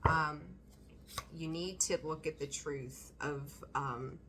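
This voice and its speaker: Woman, tarot reader, casual, blunt, bright tone. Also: low-pitched, takes it slowly, a little hiss or hum. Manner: blunt, swearing, laughs often, animated.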